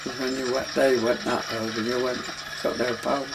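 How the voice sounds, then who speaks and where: Gravelly older man. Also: medium pitch, little pitch movement, moderate pace. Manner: plain dialect speech, loosely strung recollections. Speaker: interviewee recalling travelling life. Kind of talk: rambling reminiscence. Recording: noisy documentary recording.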